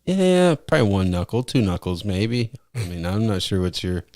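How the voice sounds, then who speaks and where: A man's voice: very animated, moderate pace, darkish tone, no room sound. A man co-hosting a podcast, telling profane stories in casual chat. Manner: profane, storytelling, mimics friend in high voice. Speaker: podcast co-host.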